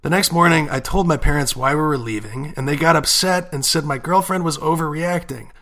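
A man co-hosting a casual podcast, reading a listener's letter aloud and reacting with animated, profane outrage. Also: on the high side, a little fast. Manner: animated, swears freely, reads letters aloud. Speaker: podcast co-host.

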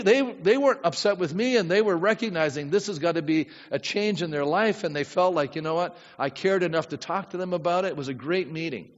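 A man's voice: on the high side, long reverb tail, lo-fi sound. A man pastor preaching a sermon in a conversational way, often asking the congregation questions.

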